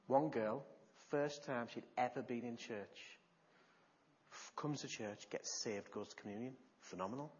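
A preacher delivering an animated sermon, retelling stories with gasps and shifts in loudness. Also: male voice, medium pitch, measured pace, lo-fi sound.

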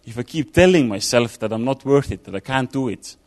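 A man's voice: medium pitch, lively intonation, a little fast, a little mellow. A man delivers an informal sermon in a mid-range voice, speaking as if thinking aloud. He restarts phrases and fills gaps with "um" and "you know", keeping it loose and conversational. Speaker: preacher.

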